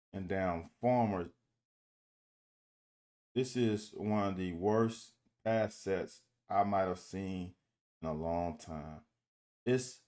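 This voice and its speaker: A man giving casual commentary on football game film. He talks to viewers directly and critiques the plays in an animated, exasperated way, with swearing. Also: deep voice. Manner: addresses viewers directly as "y'all". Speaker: football film breakdown host.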